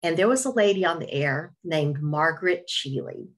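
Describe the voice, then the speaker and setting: A woman's voice: deep voice, expressive, moderate pace. A middle-aged woman with an Appalachian Southern accent tells her story on a webinar, with self-deprecating humor and talk of her faith. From Virginia, USA. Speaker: radio host, webinar speaker. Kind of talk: personal testimony talk. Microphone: webinar video call.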